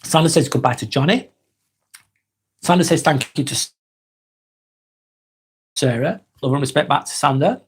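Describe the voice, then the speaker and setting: A man in his forties from England, with an East Lancashire accent, hosts a live stream and reads viewer comments aloud slowly and haltingly, full of ums. His voice has a slightly high, breathy edge.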